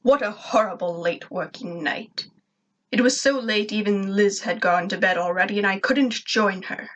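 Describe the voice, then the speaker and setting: A woman reading a first-person fan fiction story aloud in a steady narrating voice. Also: mid-range voice, normal speed.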